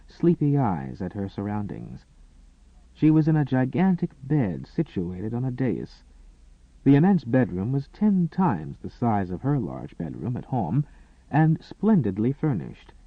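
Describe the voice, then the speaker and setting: A man narrating a romance novel in a dramatic, expressive storytelling manner. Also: mid-range voice, dry recording. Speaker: audiobook narrator. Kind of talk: scripted narration. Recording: tinny, phone-like and dry.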